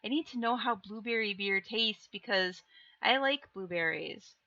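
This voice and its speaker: Woman, Minnesotan accent, streamer reading chat, gravelly, dry close recording, playful. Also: mid-range voice, animated, bright, forceful tone, dry recording, dull audio. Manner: playful, teasing, drawn-out delivery. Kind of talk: casual live-stream chat.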